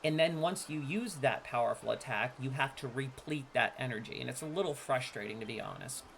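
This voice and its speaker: This streamer is in his thirties and talks a little fast, with vocal fry, as he rips open card packs and chats with viewers. He moves from boastful, loud trash-talk to low, easygoing asides, and a little hiss or hum sits in the recording.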